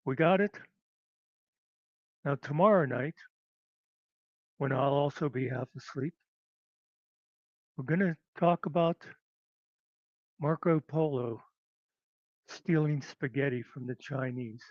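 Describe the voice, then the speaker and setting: Slow sardonic man, lo-fi. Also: mid-range voice, dry recording. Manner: sardonic, unhurried, trailing pauses. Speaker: host. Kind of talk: rambling solo commentary. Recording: dull lo-fi dry recording.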